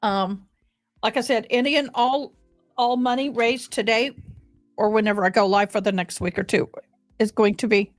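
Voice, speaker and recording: A woman with a somewhat high voice chats casually to her livestream viewers as she plays. The sound is close and dry, with faint game music underneath. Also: fairly even intonation, moderate pace, dry recording. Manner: chatty, addresses viewers directly. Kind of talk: casual livestream chat over gameplay.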